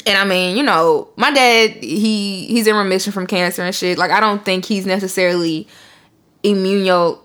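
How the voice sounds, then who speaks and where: A woman's voice: medium pitch, a little fast, few pauses. Profane woman podcast host. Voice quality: profane, animated storytelling. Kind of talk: casual chat.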